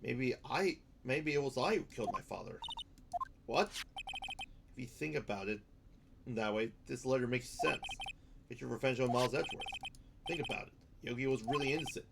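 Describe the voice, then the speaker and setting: A man's voice: medium pitch, brisk, creaky, pauses often, very noisy. A man hosting a let's play, reading the game's dialogue aloud dramatically and often stumbling and correcting himself. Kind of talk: reading game text aloud. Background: game music.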